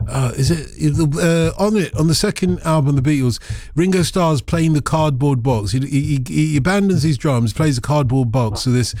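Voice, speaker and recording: A man hosting a radio phone-in show, excitable and bantering with his callers. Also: mid-range voice, no room sound, studio quality. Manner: excitable, bantering, exclaims often. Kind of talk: lively radio chat with callers. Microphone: studio microphone.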